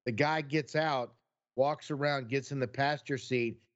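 A man co-hosting a podcast in casual chat, excitable and quick to jump in with his own stories. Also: medium pitch, highs cut off. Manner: excitable, jumps in to retell stories. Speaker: podcast co-host.

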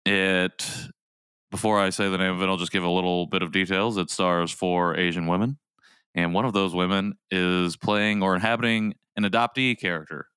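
Forceful, smooth-voiced man on a podcast. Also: sits low, steady tone, normal speed, no echo. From American Midwest. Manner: joking, self-deprecating, rambling asides. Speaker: podcast co-host and editor. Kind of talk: casual podcast chat.

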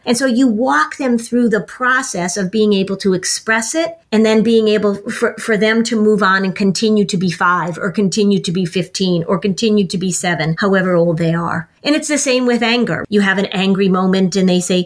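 A woman's voice: mid-range voice, moderate pace, hardly any pauses. A woman guest on a podcast explaining parenting advice, acting out little example dialogues as she talks. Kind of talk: casual chat.

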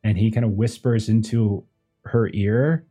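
A man's voice: fairly low pitch, fairly even intonation, measured pace, dark tone, husky. A man narrating as game master in a loose, conversational way, with faint music behind.

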